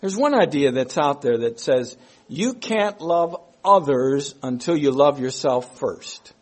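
Male preacher, husky, unhurried sermon delivery with emphatic repetition. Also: medium pitch, animated. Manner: slow, emphatic, repeats key phrases.

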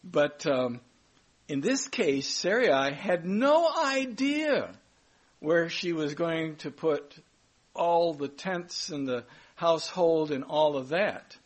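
A man's voice: on the high side, expressive, takes it slowly. A man giving a conversational Bible teaching, chatty and informal, correcting himself aloud as he goes.

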